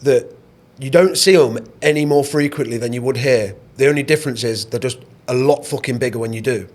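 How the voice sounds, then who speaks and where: A man's voice: mid-range voice, a little mellow. A young man, co-hosting a podcast, asking questions and reacting chattily. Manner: chatty interviewer, quick to react. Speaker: podcast co-host. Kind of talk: casual chat.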